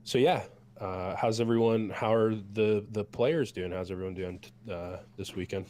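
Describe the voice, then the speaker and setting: A man with a hoarse, sick voice from a cold, game master recapping a tabletop session in an easygoing way with lots of ums. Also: on the low side, fairly even intonation, moderate pace, a little mellow. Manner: easygoing, many filler ums.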